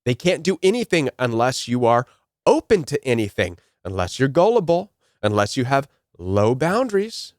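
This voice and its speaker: A man's voice: mid-range voice, sing-song, normal speed, no echo, clean studio sound. A man giving a motivational talk, telling a personal story earnestly and often repeating key phrases. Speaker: self-help speaker.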